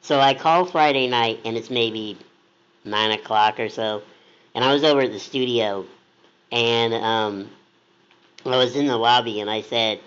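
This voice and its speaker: A man co-hosting a casual chat, telling a story in an animated way and acting out quoted voices. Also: medium pitch, clean tone. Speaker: blog co-host. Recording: dull lo-fi sound.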